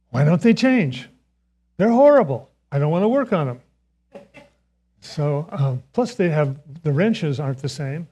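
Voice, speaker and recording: A man's voice: fairly high pitch, warm tone. An older man giving a Sunday sermon in a church, telling a self-mocking story and chuckling often. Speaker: speaker giving the Sunday message. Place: church sanctuary.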